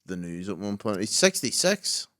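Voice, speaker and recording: A man's voice: lowish voice, very animated, moderate pace, pushed and bright. A man co-hosting a podcast in casual chat, with blunt, crude banter. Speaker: podcast co-host.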